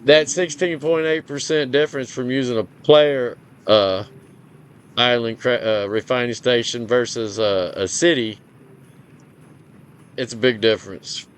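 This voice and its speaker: A man's voice: mid-range voice, a little slow, clean tone. A man hosting a gaming channel, reading out game details in casual commentary, blunt and profane, often stumbling over numbers and restarting. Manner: blunt, profane, complains openly.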